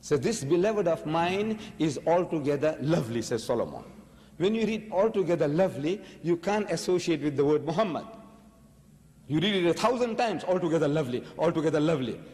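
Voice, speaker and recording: A man delivers a religious lecture in a fairly high voice, pressing his points with pointed rhetorical questions. His words ring out with the long reverb of a large hall. He speaks to a live audience. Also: animated, brisk, a little mellow.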